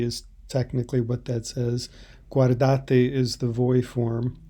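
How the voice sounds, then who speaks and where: A man teaching Italian, explaining subtitle translations in a halting, thoughtful way. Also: medium pitch, flat delivery, dark tone.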